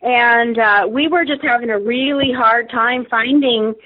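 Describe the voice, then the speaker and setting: A woman's voice: a little high, measured pace. A woman, a radio guest, telling a story casually with many fillers and restarts. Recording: tinny phone line.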